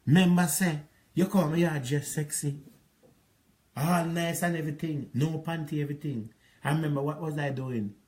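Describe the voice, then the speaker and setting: A man's voice: a little high, fairly even intonation, normal speed, darkish tone. Scolding Jamaican man ranting. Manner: repetitive, scolding, rambling. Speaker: relationship advice vlogger. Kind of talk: ranting monologue to an ex.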